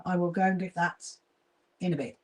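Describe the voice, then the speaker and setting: A woman's voice: fairly low pitch, fairly even intonation, fairly quick. English lady chatting on her sewing stream, lots of restarts, talks while she works. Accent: southern English. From England. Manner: chatty, greets viewers, talks while working, frequent restarts. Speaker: livestream host and quilting association founder. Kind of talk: casual livestream chat while sewing.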